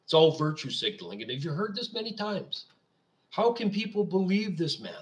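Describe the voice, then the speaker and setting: Speaking at normal speed in a slightly high voice with big pitch swings, a Canadian radio host launches into a sarcastic, indignant monologue of political commentary on his own show.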